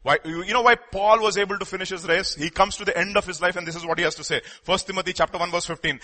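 A male preacher with a bright, somewhat high voice delivers a sermon. He reads scripture aloud and throws questions to the congregation. His delivery swings between ringing declarations and hushed, confiding asides. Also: fast talker, hardly any pauses.

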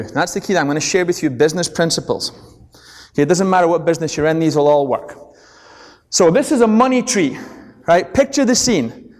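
A middle-aged Scottish man speaks briskly in a fairly high voice at a business seminar held in a large presentation hall, where his words carry a long echo. He tells stories with energy and checks in with the audience.

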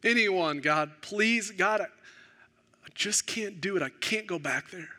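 Moses, pleading and stammering, as a preacher puts him on. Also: male voice, sits high, takes it slowly, sharp tone, full character voice. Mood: desperate. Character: anxious self-doubting biblical man pleading.

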